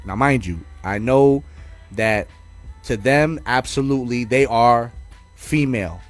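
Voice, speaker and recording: A man's voice: mid-range voice, unhurried, faint music behind. A man telling a funny story in a casual chat, profane and full of fillers. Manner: animated, profane, heavy on fillers. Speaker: podcast co-host.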